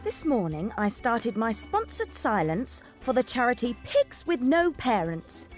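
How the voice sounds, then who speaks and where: A woman's voice: a little high, big pitch swings, unhurried. An actress playing a chatty, breezy young woman in a scripted learner sitcom, with faint music behind.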